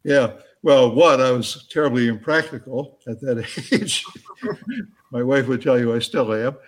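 A middle-aged man answering interview questions as an author, halting and chuckling, with many fillers and restarts. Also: mid-range voice. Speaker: author and guest.

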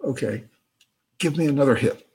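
A man voicing an anxious shopkeeper, hesitant and pleading, with a husky voice. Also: medium pitch, moderate pace, a little mellow, voice pushed up. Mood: nervous. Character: anxious ordinary male shopkeeper, easily bossed around.

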